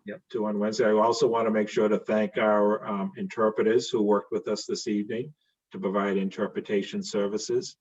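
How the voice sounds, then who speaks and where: A man with a Boston accent speaks in a low, husky voice that barely rises or falls. He gives casual, friendly closing remarks over a video call, full of ums and restarts. The call audio is dull and lo-fi. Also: little pitch movement, brisk, darkish tone. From Boston, USA. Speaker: school committee member co-facilitating. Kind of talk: closing remarks at an online public meeting.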